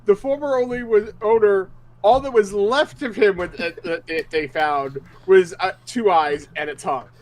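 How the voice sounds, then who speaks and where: A man's voice: sits high, moderate pace. A man co-hosting a casual talk show, adding dry quips and teasing corrections. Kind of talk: casual chat.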